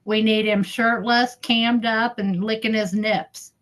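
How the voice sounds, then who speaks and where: A woman's voice: a little high, fairly even intonation, takes it slowly, a bit bright. A middle-aged woman chatting casually on her livestream, heckling and giggling as she reads viewers' comments. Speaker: livestream host.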